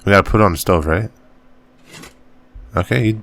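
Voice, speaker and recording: A man giving casual, relaxed commentary while playing a game. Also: on the low side, moderate pace, gravelly, no room sound. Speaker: gaming channel host.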